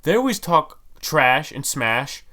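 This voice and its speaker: A man's voice: a little high, very animated, slow pace, pushed and bright. A man hosting a sports podcast, ranting in a heated, exasperated way. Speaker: podcast host.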